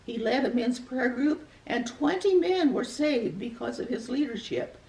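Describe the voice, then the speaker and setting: An older woman telling a personal story of faith in a gentle, earnest, reflective way. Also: a little high, expressive, measured pace. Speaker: guest sharing a personal testimony. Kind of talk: heartfelt storytelling testimony. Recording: echoey room, voice from far off the mic.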